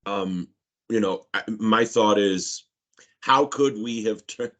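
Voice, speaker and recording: A man's voice: on the low side, takes it slowly, a bit bright. A man on a sales team video call, speaking candidly and with enthusiasm. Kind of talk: casual group video call.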